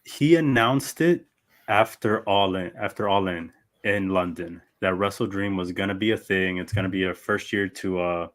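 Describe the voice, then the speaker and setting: A man's voice: sits low, moderate pace. A man co-hosting a podcast in casual chat, chuckling and explaining at length. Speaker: podcast co-host.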